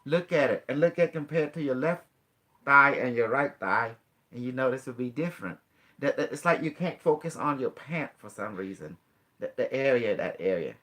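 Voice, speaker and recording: A man's voice: mid-range voice, lively intonation, moderate pace, a bit bright. A man hosting a casual talk, coaching his guest step by step with frequent laughs and broken grammar. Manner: instructive, coaxing, laughs often, non-native grammar. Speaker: host teaching a guest. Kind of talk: casual guided demonstration.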